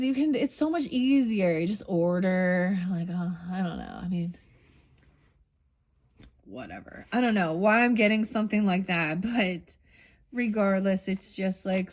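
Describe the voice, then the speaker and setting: A woman's voice: lowish voice, darkish tone. A middle-aged woman doing a casual tarot reading, thinking aloud, rambling and swearing offhandedly. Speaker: tarot reader.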